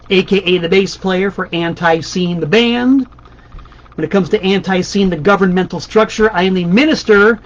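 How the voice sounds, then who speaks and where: A man's voice: high voice, moderate pace. A man guest-hosting a band's live stream from his home desk, talking in a playful, mock-grandiose, rambling way. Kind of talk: casual comic monologue. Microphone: webcam on his desk. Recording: dull lo-fi webcam stream.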